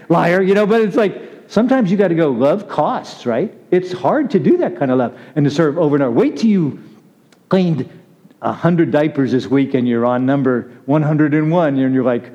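Through a muffled lo-fi recording, a preacher with a mellow, somewhat high voice speaks a little fast with lively intonation. His sermon is relaxed and conversational, full of chatter, laughter, and listeners called by name.

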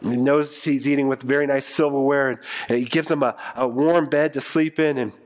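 A man's voice: mid-range voice, steady tone, a little fast. A man preaching a sermon, retelling a story in a loose, conversational way full of fillers and restarts. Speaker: pastor.

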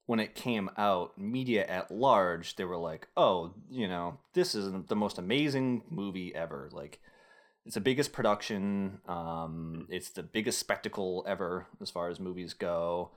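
A man's voice: deep voice, measured pace. A young man hosting a casual podcast chat, rambling and restarting his sentences, laughing often. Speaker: podcast host.

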